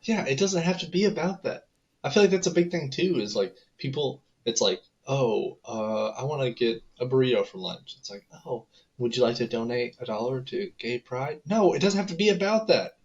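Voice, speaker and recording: A man's voice: medium pitch, lively intonation, normal speed. A young man in casual podcast chat, telling stories in a laid-back way with lots of fillers. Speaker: podcast co-host. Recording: dull lo-fi mic.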